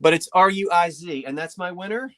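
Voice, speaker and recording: This woman's voice is fairly low, fairly bright and a little fast. Hosting a live antiques sale from her home living room, she's chatty and folksy, trailing off and starting over as she describes items.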